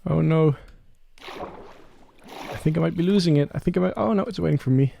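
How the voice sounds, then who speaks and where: Here a young man records casual gameplay commentary for a Let's Play, talking to the on-screen creatures and firing off excited rising questions. His creaky voice is a little high and moves at normal speed, with slight background noise.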